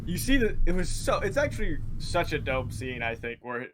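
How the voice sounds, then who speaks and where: A man's voice: a little high, very animated, normal speed, noisy background. A man casually recapping a TV episode with a co-host, rambling with lots of fillers and swearing. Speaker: show co-host.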